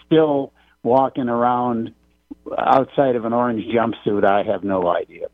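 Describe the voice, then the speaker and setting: A man calling in to a talk radio show, speaking haltingly and restarting his sentences. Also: mid-range voice, fairly even intonation, no echo. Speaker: caller. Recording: tinny phone line.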